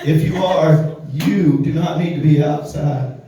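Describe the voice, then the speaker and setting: A man's voice: a little high, a little slow, dark tone. A man doing a loose, crude stand-up set, cursing a lot and laughing at his own jokes. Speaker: stand-up comedian. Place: comedy club room. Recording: echoey room, voice from far off.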